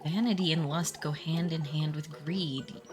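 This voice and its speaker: Woman doing a stern older priest, grave, commanding, hoarse, game music behind. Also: deep voice, fairly even intonation, measured pace, pitched below the performer's own voice.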